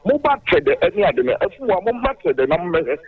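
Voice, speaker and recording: Husky man calling in by phone. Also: high-pitched, sing-song, a little fast. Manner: emphatic, rallying listeners. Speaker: radio phone-in caller. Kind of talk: political phone-in call. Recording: thin phone line.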